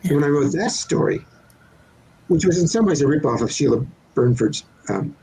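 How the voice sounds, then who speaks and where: Older guy author in an interview, kinda husky, playful about word sounds. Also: on the high side, lively intonation, moderate pace, warm tone, rough recording. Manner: thoughtful, playful with word sounds, explains by examples. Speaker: children's author, guest. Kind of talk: relaxed interview answers.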